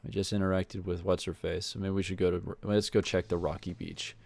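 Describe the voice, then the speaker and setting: A man's voice: deep voice, level tone, fairly quick, vocal fry, darkish tone. A man reading a visual novel aloud with rambling, self-correcting, wry commentary. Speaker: video game let's player.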